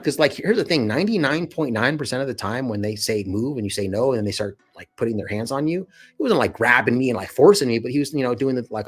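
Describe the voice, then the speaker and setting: A man's voice: medium pitch, expressive, fast, slightly rough, soft background music. A man hosting his channel in casual chat, telling a slangy, profane, rambling story. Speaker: channel host.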